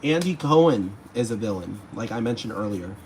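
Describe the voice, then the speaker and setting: A man's voice: lowish voice, expressive, normal speed, darkish tone, a little hiss or hum. A young man ranting in a vlog, swearing a lot and sounding exasperated, sometimes mimicking people mockingly.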